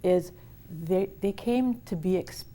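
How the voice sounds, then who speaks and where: Mellow-voiced woman hosting a wellness chat. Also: on the low side, slow pace. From Canada. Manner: enthusiastic, frequent restarts. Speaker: host. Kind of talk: casual conversation on wellness.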